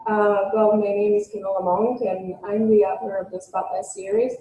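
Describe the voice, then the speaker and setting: Hesitant French-accented woman, mellow and roomy. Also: mid-range voice, steady tone. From France. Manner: hesitant, lots of filler pauses. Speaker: guest author. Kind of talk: casual interview chat.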